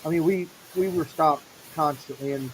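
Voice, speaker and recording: Middle-aged man telling an animated story. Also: fairly high pitch, normal speed, a little hiss or hum, rough recording. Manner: animated storyteller acting out quoted people. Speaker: show host. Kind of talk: casual storytelling chat.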